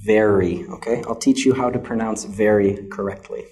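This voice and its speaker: A man's voice: on the low side, fairly even intonation, a little fast, darkish tone. A young American man teaching English pronunciation in a classroom lesson, patient and checking in with a frequent "okay?".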